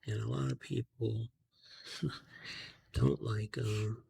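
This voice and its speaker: A man softly telling a rambling story in a half-whispered ASMR style, talking casually with slang and fillers, outdoors at night on a close mic. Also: fairly low pitch, steady tone, slow, gravelly, slight background noise. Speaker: ASMR channel host. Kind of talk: ASMR storytelling while coloring.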